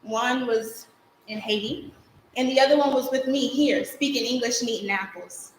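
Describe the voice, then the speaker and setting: A woman's voice: on the high side, normal speed, slight background noise, close to an everyday voice. A young woman acting a theatrical monologue as a spirited girl recalling her childhood, with vivid, rhythmic storytelling on a stage. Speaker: stage actor. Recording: echoey live stage recording.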